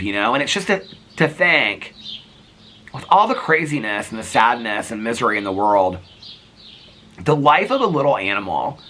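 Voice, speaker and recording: Brief: middle-aged male vlogger, chatty and rambling, bright voice with lively swings. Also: lowish voice, slight background noise. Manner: chatty, rambling, laughs often. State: out of breath. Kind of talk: casual vlog chat.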